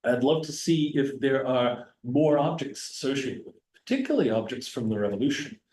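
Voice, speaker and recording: A man's voice: mid-range voice, lively intonation, a little fast, a little mellow. A man giving a casual, digressive history talk to an audience. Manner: conversational, digressive, jokes with the audience. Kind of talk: casual public history lecture. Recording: roomy sound from a distance.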